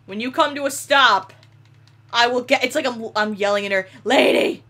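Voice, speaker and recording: A young woman giving excitable let's play commentary, yelling and laughing at the game. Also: fairly high pitch, normal speed. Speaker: gaming YouTuber.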